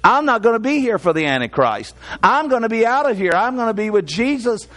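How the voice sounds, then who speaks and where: Older male pastor, high-pitched, sermon delivery with homespun anecdotes. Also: very animated, fairly quick, a bit bright. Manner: preaching with folksy storytelling asides.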